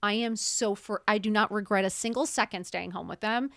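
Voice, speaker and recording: A woman's voice: medium pitch, brisk, creaky, fairly bright tone. A middle-aged woman telling her story candidly as a podcast guest, blunt and swearing freely.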